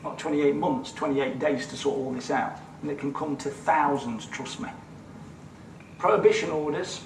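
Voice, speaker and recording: Bloke doing a landlord seminar, blunt, keeps repeating himself, slightly high voice, echoey room mic far away. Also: male voice, moderate pace, slight background noise. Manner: blunt, repeats words, mimics others in raised voice. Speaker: letting agent giving a seminar. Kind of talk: animated seminar talk with acted-out anecdotes.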